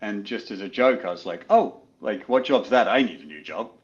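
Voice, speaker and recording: A man from England with a low voice tells stories in a relaxed, chatty way and laughs easily. He sounds like he is in his thirties. The recording is dull and lo-fi. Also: normal speed. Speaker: golf coach. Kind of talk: casual interview storytelling.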